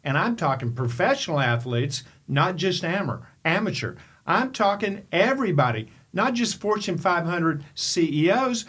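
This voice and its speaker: Older man, from Kentucky, podcast coach, animated storyteller, somewhat high-pitched. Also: normal speed, hardly any pauses, breathy edge. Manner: animated, emphatic storyteller with rhetorical questions. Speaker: podcast host and mental performance coach. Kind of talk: storytelling monologue.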